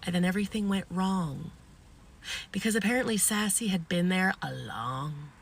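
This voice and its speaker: Salty, animated woman storyteller. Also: lowish voice, moderate pace, gravelly, a little hiss or hum. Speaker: home health aide. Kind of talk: comic storytelling.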